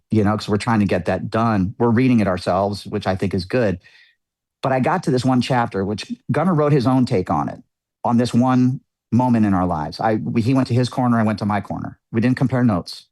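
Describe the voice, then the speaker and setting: A middle-aged man, a musician appearing as a podcast guest, shares a personal story in candid interview fashion. His voice sits lowish and a little mellow, with no room sound. He comes across earnest and reflective, chatting along with frequent fillers.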